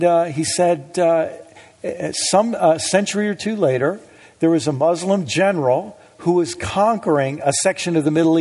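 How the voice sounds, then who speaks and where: A man's voice: on the high side, darkish tone, breathy edge. A middle-aged man giving a conversational public talk with anecdotes to an audience in a hall, often hesitant with fillers and restarts, with a wry touch. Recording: long reverb of a hall.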